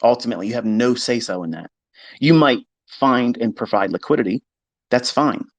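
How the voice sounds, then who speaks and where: A man's voice: mid-range voice, normal speed. A man talking to listeners on a live audio stream, blunt and emphatic, swearing freely and mimicking his skeptics. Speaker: trading educator hosting a live audio space. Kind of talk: casual monologue to listeners.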